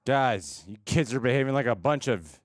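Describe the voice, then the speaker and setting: A man's voice: medium pitch, moderate pace, loud music behind the voice. A man hosting a movie reaction, joking through the film in casual commentary. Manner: wisecracking, animated. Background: film audio playing.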